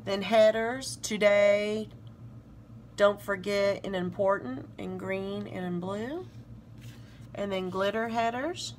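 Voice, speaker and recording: A woman's voice: medium pitch, takes it slowly, slight background noise. A woman from South Carolina with a Southern accent, casually showing off planner stickers and gushing over them. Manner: gushing, reads sticker phrases aloud. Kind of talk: casual show-and-tell narration.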